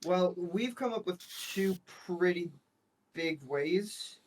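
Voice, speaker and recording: A man's voice: high-pitched, slow pace. A man playing a tabletop game, talking in a rambling, hesitant way with many restarts. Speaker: player. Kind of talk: casual tabletop game chat.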